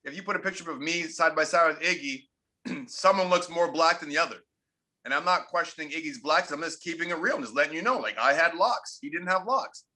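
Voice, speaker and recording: Fairly high-pitched and a little fast, his pushed, bright voice carries candid interview stories from his days as a Canadian pro hockey player; he's in his forties now. He stays emphatic, repeating points for effect.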